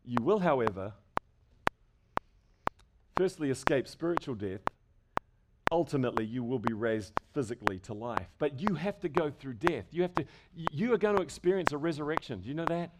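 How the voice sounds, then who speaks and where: A man's voice: mid-range voice, animated, normal speed. Emphatic preacher man, noisy recording. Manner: emphatic, asks the congregation rhetorical questions. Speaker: pastor. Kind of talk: sermon. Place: church service before a congregation. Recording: loud background noise with clicks.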